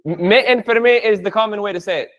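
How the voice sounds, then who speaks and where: A man's voice: high voice, quick pace, fairly bright tone, dull audio. A man teaching a live online Spanish class, playful and chatty, breaking down jokes and phrases for his students.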